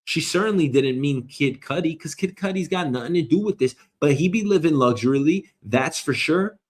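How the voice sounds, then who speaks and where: Profane ranting man, fairly high voice. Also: lively intonation, normal speed. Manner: loud, rambling, swears a lot, mock voices. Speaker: host. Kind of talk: profane comedic rant.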